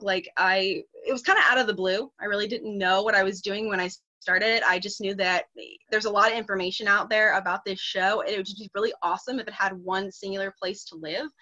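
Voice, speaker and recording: A woman's voice: mid-range voice, bright, forceful tone, muffled recording. A woman guest on a casual podcast, telling her story in a rambling, hesitant way with many fillers.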